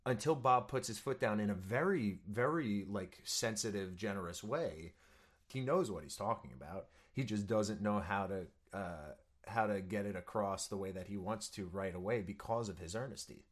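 A man's voice: on the low side, normal speed. A young man, a stage actor, chatting as a guest in an eager, earnest way, with lots of fillers and restarts. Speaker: musical theater actor, guest. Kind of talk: casual interview chat.

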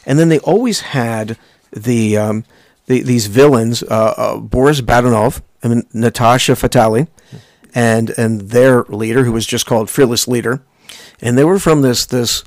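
A man's voice: mid-range voice, moderate pace, no room sound, studio quality. A man in his fifties co-hosting a podcast in casual chat, rambling on with many restarts. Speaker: podcast co-host.

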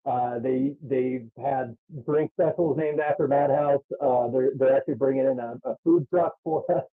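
A man's voice: medium pitch, steady tone, normal speed. Hesitant man on a tinny phone line. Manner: hesitant, repeats words. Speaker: wrestling promoter guest. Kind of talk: phone-in interview.

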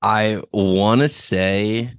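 A very low-voiced man who rambles through his points, stumbling on names and poking fun at himself along the way. The sound is close and dry. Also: fairly even intonation, very slow, smooth, no echo. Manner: rambling, self-deprecating, swears casually. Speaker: podcast co-host. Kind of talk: casual chat.

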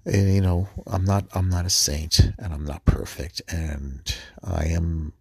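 Very deep gravelly-voiced man preaching. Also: a little mellow, no echo. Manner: halting, repeats words and restarts, earnest. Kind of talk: devotional podcast reflection and scripture reading.

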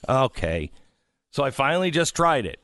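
Animated middle-aged male radio host. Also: mid-range voice, moderate pace, no room sound, clean studio sound. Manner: animated, joking, mimics voices in quotes. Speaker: radio talk show host. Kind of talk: casual radio talk and live ad reads. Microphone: studio microphone.

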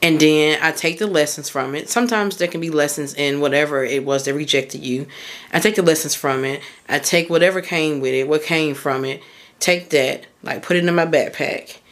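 A woman's voice: sits low, moderate pace. A woman hosting a podcast as a mindset coach, talking casually and candidly through personal stories, with loose phrasing and lots of fillers. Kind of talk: casual motivational monologue.

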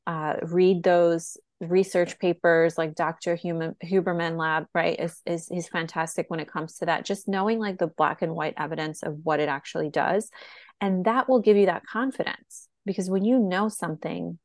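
A woman's voice: on the low side, normal speed, no room sound, clean studio sound. A woman co-hosting a podcast as a health coach, giving earnest advice in casual chat with frequent fillers.

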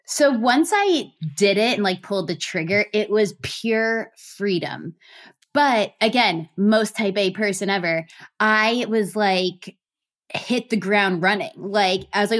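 Animated woman guest with lots of fillers. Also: mid-range voice, a little slow. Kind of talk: casual storytelling interview.

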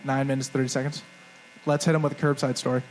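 A man's voice: mid-range voice, flat delivery, quick pace, a little hiss or hum, rough recording. A young man co-hosting a live podcast show on stage, telling a rambling, self-mocking story and acting out the quotes. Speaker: podcast co-host. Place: live stage before a crowd.

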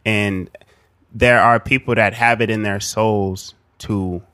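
Podcast co-host, man, low voice, dry close sound, rambling and reflective. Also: steady tone, slow, fairly bright tone, dry recording. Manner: reflective, rambling, many ums. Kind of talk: casual chat.

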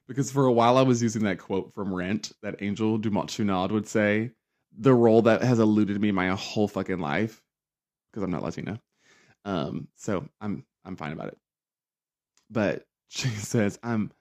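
A young man hosting a casual solo pop culture podcast, sassy and campy, dramatic, often jumping up into high mocking voices. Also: moderate pace, darkish tone. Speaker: podcast host.

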